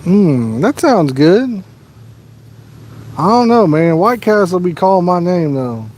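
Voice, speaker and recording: A man with a Midwestern American accent hosts a live fishing stream outdoors. He talks in a relaxed, chatty way and answers viewers as he goes. His voice sits a bit high, and there is a faint hiss of outdoor noise behind him. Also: slow. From Midwest USA. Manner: laid-back, chatty, answers viewers' questions. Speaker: fishing livestream host. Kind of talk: casual livestream chat. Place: outdoors by a lake.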